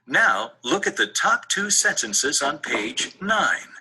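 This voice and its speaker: Slow, bright male instruction voice. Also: fairly high pitch, husky. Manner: slow, even-toned reading of directions. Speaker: recorded lesson narrator. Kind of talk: scripted instructions.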